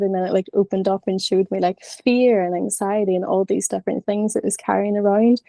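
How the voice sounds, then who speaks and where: Chatty woman sharing on a video call, mellow voice, dry sound, lots of likes. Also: medium pitch, little pitch movement, normal speed, creaky, few pauses, no room sound. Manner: frank, chatty, many fillers. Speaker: class participant. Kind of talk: casual sharing in an online class.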